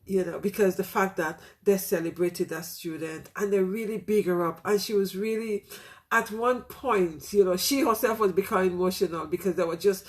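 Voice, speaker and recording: Speaking at a normal speed in a steady, mid-range voice, a middle-aged teacher talks to her listeners from the heart. The monologue is candid, casual and reflective, full of "you know" fillers.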